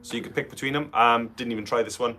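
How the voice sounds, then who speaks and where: A man's voice: mid-range voice, fairly even intonation, bright, forceful tone, a little hiss or hum. A man with a Welsh accent co-hosting a casual guitar shop livestream, chatty and jokey. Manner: chatty, jokey, quick asides.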